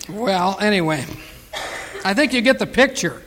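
A man with a high voice leads a Bible study in a church room, with a long reverb trailing his words. He reads scripture slowly and forcefully, then drops into a chatty aside with an easy chuckle. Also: expressive, slight background noise. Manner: reads scripture slowly and loudly, chats and chuckles between verses. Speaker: pastor leading a Bible study. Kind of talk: conversational sermon and scripture reading.

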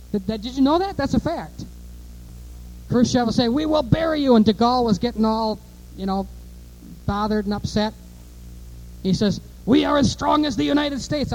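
A man preaching a fiery sermon, emphatic and repetitive, moving between offhand asides and loud declarations. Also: high-pitched, poor audio.

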